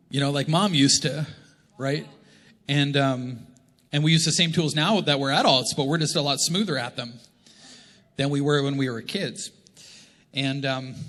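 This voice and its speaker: A man's voice: medium pitch, a bit bright. A man preaching a sermon as a pastor, in a loose, conversational and joking way. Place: church auditorium. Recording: long church reverb.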